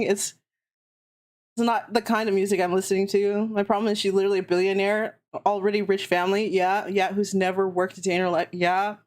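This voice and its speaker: A young woman streamer ranting heatedly and sarcastically in casual chat, swearing constantly. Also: mid-range voice.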